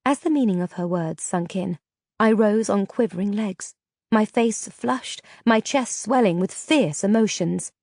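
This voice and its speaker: A woman narrating a fantasy novel in the first person with steady storytelling. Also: medium pitch, a little slow, no echo, studio quality. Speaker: audiobook narrator.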